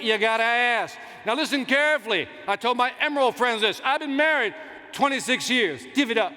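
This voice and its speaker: A middle-aged man giving a motivational keynote, telling stories with loud outbursts and playing to the crowd. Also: very high-pitched. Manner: animated storytelling, loud outbursts, plays to the crowd. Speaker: keynote speaker. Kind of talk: motivational stage speech. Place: large conference hall. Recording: long hall reverb, faint noise.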